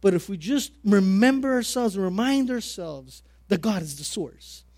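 A middle-aged man preaching a sermon, telling a personal story with repeated phrases and big swings between loud and quiet. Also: high voice, expressive, normal speed, no echo.

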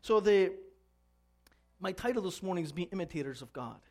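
A man preaching a sermon as pastor, earnest and animated, asking the congregation for amens. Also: high voice, a little fast. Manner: earnest, asks the congregation "Amen?"; storytelling with animated voices.

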